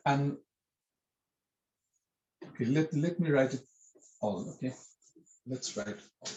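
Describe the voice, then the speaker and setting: A man's voice: mid-range voice, lively intonation, slow pace, vocal fry, long pauses, dark tone, roomy sound, highs cut off. A man teaching a writing script in an online lesson, explaining patiently and repeating himself with many fillers over a video call.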